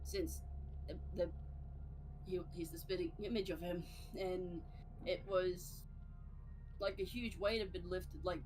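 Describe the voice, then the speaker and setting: A woman's voice: on the low side, fairly even intonation, unhurried, long pauses, music in the background, rough recording. A woman guest chatting casually, hesitant and stammering through her story. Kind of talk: casual stream chat.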